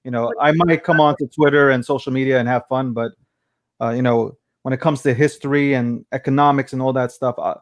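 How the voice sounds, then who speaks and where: A man's voice: medium pitch, steady tone, fairly quick. A man in casual livestream chat, brash and joking, swearing freely. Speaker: crypto personality guest.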